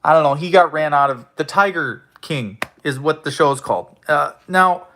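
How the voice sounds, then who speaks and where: A man's voice: on the high side, moderate pace, pushed and bright, slight background noise. A man hosting his own online show, ranting angrily at his listeners with constant swearing and stammered restarts. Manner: profane, confrontational, stammering restarts. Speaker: host of an online audio room show. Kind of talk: angry ranting monologue.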